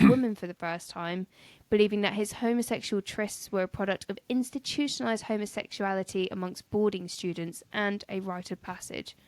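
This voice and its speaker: A woman co-hosts a casual history podcast, telling the story while teasing her partner and tripping over names. Her voice sits at a middling pitch. The sound is dry and close. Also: dry recording. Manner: teasing, laughs often, stumbles over names. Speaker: podcast co-host.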